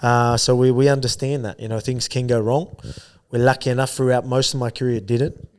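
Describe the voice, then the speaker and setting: A man's voice: mid-range voice, little pitch movement, brisk, darkish tone, smooth. An Australian man talking as an interview guest in a casual, rambling way, filling gaps with "you know what I mean". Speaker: guest athlete.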